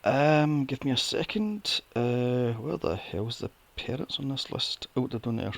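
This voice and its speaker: A man's voice: a little slow, vocal fry. A man co-hosting a movie podcast, chatting casually and sarcastically about a film. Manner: animated, sarcastic, mocks characters in high silly voices. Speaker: podcast co-host. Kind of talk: casual movie review chat.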